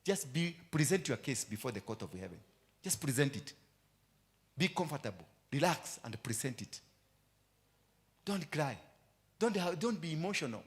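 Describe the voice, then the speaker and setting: Kenyan man preaching, switching loud and low. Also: big pitch swings, normal speed, pauses often. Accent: Kenyan English. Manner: mixes Swahili into English, repeats phrases, swings from loud to low. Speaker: apostle preaching. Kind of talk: sermon.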